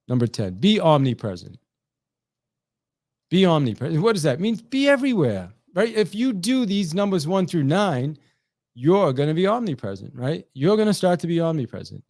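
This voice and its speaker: A middle-aged man, a sales trainer, talking to camera in an energetic, chatty way, often repeating words and tossing in "right?" as he goes. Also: fairly high pitch, dry recording.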